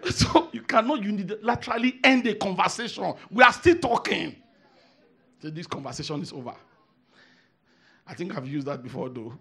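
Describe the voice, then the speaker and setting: Emphatic preacher, high husky man's voice. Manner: emphatic, swings between hushed asides and shouted declarations; repeats phrases for emphasis. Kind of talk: sermon.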